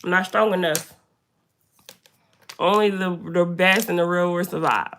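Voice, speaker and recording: A young woman chatting casually on a live stream in a room indoors, talking to her viewers by name in an animated way. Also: lowish voice, measured pace, slight background noise. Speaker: livestreamer.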